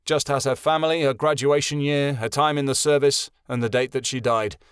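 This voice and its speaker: A man's voice: mid-range voice, fairly even intonation, fairly quick, clean tone, dry recording, clean studio sound, natural voice. A man voicing an earnest teenage boy.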